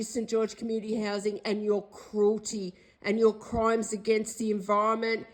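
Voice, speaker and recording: A woman's voice: medium pitch, little pitch movement, normal speed, few pauses, poor audio. An older Australian woman in a distressed direct-to-camera video, pleading and accusing in an agitated way and repeating herself. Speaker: vlogger.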